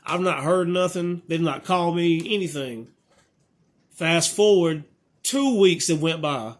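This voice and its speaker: A man's voice: a little high, animated, a little slow. A man in his thirties telling a story to his viewers in a casual, exasperated way, acting out both sides of the conversation. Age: 30s. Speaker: vlogger.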